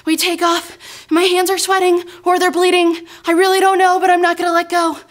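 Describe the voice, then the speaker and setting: A young woman with a very high, light voice tells a story to a children's church group. She talks in a lively, dramatic way and speaks straight to the kids. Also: brisk. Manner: animated, dramatic storyteller addressing kids as "guys". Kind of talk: storytelling devotional talk for kids.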